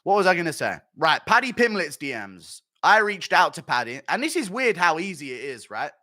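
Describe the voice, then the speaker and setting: A man in a loose, profane commentary rant, his pitch swinging widely as he mocks and jokes. His voice is bright and forceful. The sound is dry and close, with no room. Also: sing-song, a little fast, dry recording. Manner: profane, mocking, laughs often at his own jokes. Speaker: MMA commentator and streamer.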